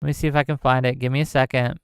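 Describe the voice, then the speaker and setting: A man's voice: medium pitch, level tone, racing, clean tone, no echo, studio quality. A man hosting a political commentary livestream. He talks in an impassioned way, repeats himself for emphasis and keeps checking in with listeners by asking "right?". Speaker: livestream host.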